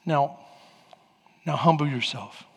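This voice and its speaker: A preacher putting on a calm, patient God. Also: male voice, on the high side, breathy edge, pitched below the performer's own voice. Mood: gentle. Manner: slow, quiet, gently correcting. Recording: long hall reverb.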